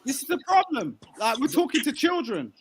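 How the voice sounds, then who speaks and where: A man's voice: extremely high pitch, huge pitch swings, brisk, noisy background. A British man in a heated argument, ranting, swearing and mocking the others. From Britain. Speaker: caller.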